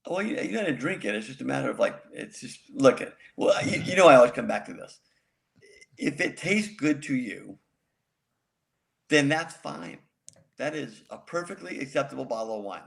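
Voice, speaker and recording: A man's voice: medium pitch, animated, normal speed, vocal fry, a bit bright. A man co-hosting a podcast, giving wry, knowing advice in casual chat. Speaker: podcast co-host.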